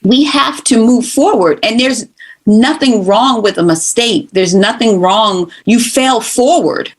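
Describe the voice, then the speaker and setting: A woman from Brooklyn, New York, with a New York accent, talking as a podcast guest in an emphatic, animated way and often acting out quoted voices. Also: fairly high pitch, unhurried. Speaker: guest, former college instructor. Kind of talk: casual interview chat.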